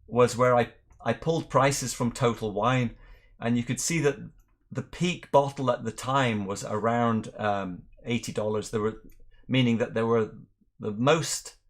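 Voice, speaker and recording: A middle-aged man from Northern Ireland, with an accent mixed with English, hosting a relaxed whisky livestream and chatting through viewer questions. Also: mid-range voice. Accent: mixed Northern Irish and English. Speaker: whisky channel host. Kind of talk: casual livestream chat.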